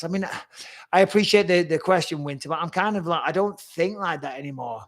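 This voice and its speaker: A man in his forties answers viewer questions in a casual live stream. His voice sits a little high for a man, and he talks fast and bluntly, swearing freely and reading out comments as he goes. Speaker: former fighter and commentator hosting a live Q&A.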